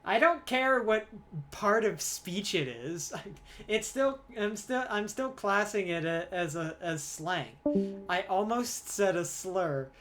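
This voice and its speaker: A woman's voice: medium pitch, lively intonation, slow pace, fairly bright tone, soft background music. Giggly woman hosting a podcast. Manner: giggly, rambling with restarts. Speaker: podcast host and organizer. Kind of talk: casual group chat.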